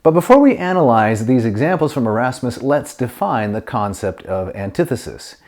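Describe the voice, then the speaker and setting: A middle-aged man teaching Latin grammar, explaining step by step and reading Latin phrases slowly and clearly. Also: mid-range voice, sing-song, darkish tone. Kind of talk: grammar lesson to camera.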